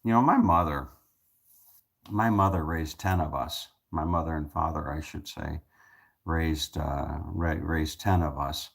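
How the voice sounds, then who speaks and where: A man's voice: rumbling low, unhurried, gravelly, husky. A man talking casually to his viewers in a rambling monologue, with many restarts, repeated words and joking asides. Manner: joking, self-amused asides. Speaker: vlogger.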